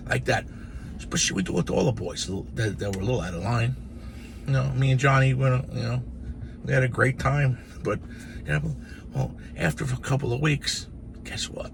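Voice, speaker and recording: A man in his sixties casually telling childhood stories to camera in an animated, profane, rambling way. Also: mid-range voice, moderate pace, gravelly, pauses often, noisy background. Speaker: storyteller.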